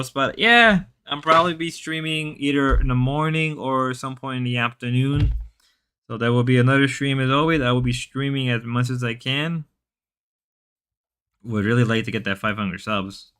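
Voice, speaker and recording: A man's voice: medium pitch, a bit bright, clear, resonant tone. A man hosting a casual livestream who rambles on, reads chat messages aloud and stumbles over frequent restarts.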